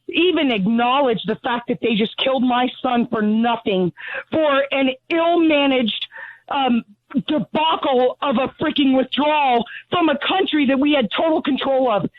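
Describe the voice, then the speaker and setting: Out of breath from pacing, a mother consumed by grief and anger talks bluntly as a caller in a phone interview. Her voice is high, and the dry recording comes through a tinny phone line.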